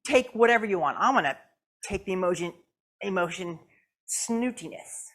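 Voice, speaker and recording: Animated woman giving a talk in church. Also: mid-range voice, fast. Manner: lively and animated, acts out quoted voices, asks the audience questions. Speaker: guest speaker. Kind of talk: conversational sermon. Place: church sanctuary.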